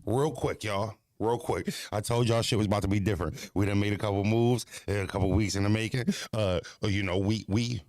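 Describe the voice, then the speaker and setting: A man hosting a live stream, telling a story casually to his chat in an animated, profane way that swings between high excited and low mocking tones. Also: fairly quick, hardly any pauses, no room sound, clean studio sound.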